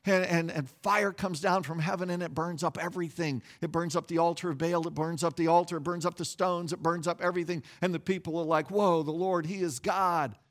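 A man preaching a sermon, telling a story in an animated way, acting out quoted voices, with frequent restarts and repeated words. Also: fairly high pitch, brisk, hardly any pauses. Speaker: pastor.

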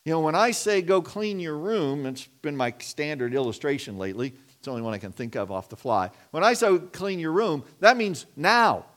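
A man's voice: fairly high pitch, big pitch swings, fairly quick, hardly any pauses, fairly bright tone. A middle-aged man preaching a sermon in a conversational way, often repeating and restarting his words. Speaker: pastor.

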